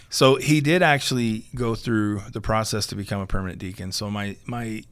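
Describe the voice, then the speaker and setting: A man's voice: lowish voice, moderate pace, hardly any pauses. A young man, a seminarian guest, telling a story casually and acting out the dialogue. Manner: animated, acts out dialogue with laughter.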